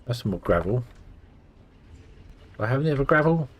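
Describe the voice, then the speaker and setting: A man's voice: medium pitch, sing-song, fairly quick, a bit bright. A sleepy man casually commenting on his own gameplay, thinking aloud with lots of fillers. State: sleepy, yawning. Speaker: gameplay streamer.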